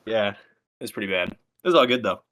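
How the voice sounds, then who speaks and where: Young guy, bright tone, laid-back podcast co-host who hesitates and thinks out loud. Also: lowish voice, quick pace. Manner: relaxed, hesitant, thinks aloud with ums. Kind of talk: casual chat.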